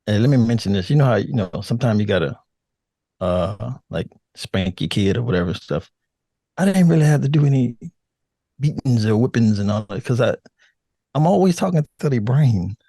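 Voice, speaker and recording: An older man talking in a relaxed, rambling way as an interview guest, laughing now and then. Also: mid-range voice, normal speed, no echo, clean studio sound. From United States. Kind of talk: casual chat.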